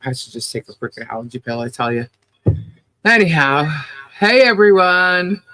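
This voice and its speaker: High-voiced, stuffy-nosed man greeting viewers. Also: big pitch swings, normal speed, bright, forceful tone. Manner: upbeat, chatty, rattles off names. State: stuffy, slightly nasal from humidity and allergies. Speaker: livestream co-host. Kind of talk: casual livestream chat greeting viewers.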